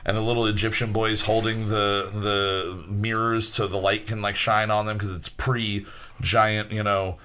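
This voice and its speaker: Bright-voiced rambling male podcast host. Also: fairly low pitch, level tone, measured pace. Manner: rambling, profane, many fillers. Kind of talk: casual chat.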